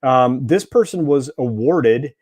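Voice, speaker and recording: A man's voice: medium pitch, lively intonation, slow pace, a little mellow, no echo. A man co-hosting a casual live stream, talking loosely and swearing. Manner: casual, swears and laughs easily. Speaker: co-host.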